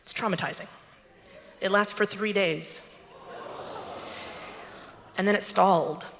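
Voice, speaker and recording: A woman telling a comic true story on stage at a live storytelling show, animated and acting out quotes. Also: medium pitch, takes it slowly. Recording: long hall reverb with faint noise.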